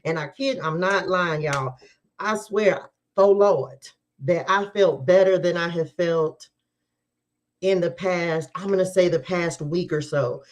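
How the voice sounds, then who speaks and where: Woman, tarot reader, live-stream host, chatty, animated, laughs often, talks to viewers directly. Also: on the low side, takes it slowly. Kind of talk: casual live-stream chat.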